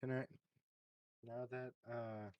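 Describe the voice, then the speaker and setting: A man's voice: medium pitch, level tone, slow, dry recording, muffled recording. A man playing a tabletop game who talks hesitantly, stopping and restarting. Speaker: player. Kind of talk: casual tabletop play.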